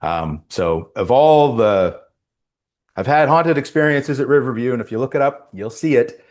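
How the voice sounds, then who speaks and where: A man's voice: mid-range voice, moderate pace. A man telling a story in a casual interview as the guest, acting out the voices of the people in it. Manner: animated storyteller, acts out voices. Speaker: actor guest.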